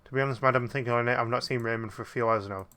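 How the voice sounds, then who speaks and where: A deferential old butler from a puzzle game, formal and servile, read by a man. Bright tone, brisk pace. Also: medium pitch, steady tone, clean tone, lightly acted.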